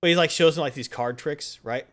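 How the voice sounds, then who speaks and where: A man's voice: on the high side, brisk, fairly bright tone. A man in casual chat, rambling through a story recap with lots of fillers.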